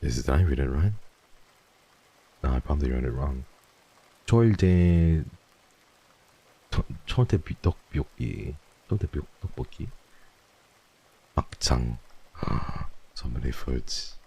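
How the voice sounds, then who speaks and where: A man chatting playfully on a livestream, teasing viewers and swearing freely as he reads donations, jumping between loud bursts and hushed murmurs. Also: a bass voice, expressive, measured pace, pauses often, husky. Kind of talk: casual livestream chat, reading donations.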